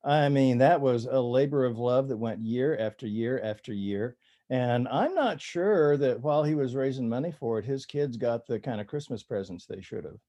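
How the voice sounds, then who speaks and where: A man appears as an author guest on a podcast, with a mellow, darker tone at a middle pitch. He speaks in an anecdotal, storytelling way. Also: lively intonation, normal speed. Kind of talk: podcast interview.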